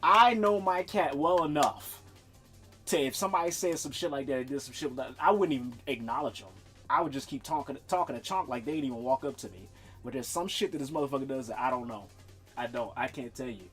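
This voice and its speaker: A man's voice: mid-range voice, fast, a bit bright, faint music behind. A man streaming, telling a rambling, profane story in casual chat and laughing often.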